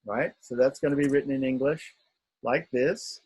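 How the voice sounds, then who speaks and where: A man's voice: mid-range voice, fairly even intonation, moderate pace, a little mellow, slightly rough, poor audio. A man teaching an online script lesson, patiently sounding out letters and often checking in with his students.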